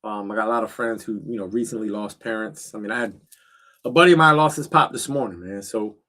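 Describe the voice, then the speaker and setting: A middle-aged livestream host, his voice on the lower side yet pushed and bright, talks fast to his viewers. He's sitting in a cold backyard shed, keeping it casual with plenty of slang and filler words.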